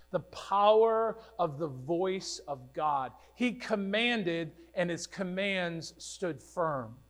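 A man preaching a sermon with a slightly higher-than-usual voice. He speaks earnestly, pressing his questions on the congregation and swelling loud when quoting commands. A faint mains hum sits under the recording. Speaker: pastor.

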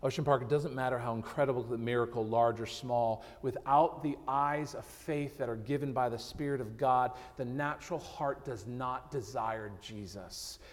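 A male pastor preaching a sermon, swinging between loud, emphatic passages and hushed, slowed-down lines. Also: mid-range voice. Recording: long hall reverb.

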